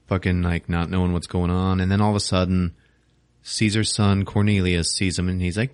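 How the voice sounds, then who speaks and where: Guy on a podcast recapping a movie, lowish voice, swears a lot, dry close mic. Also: fairly even intonation, normal speed, no room sound. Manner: crude, laughing, acts out scenes. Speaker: podcast host.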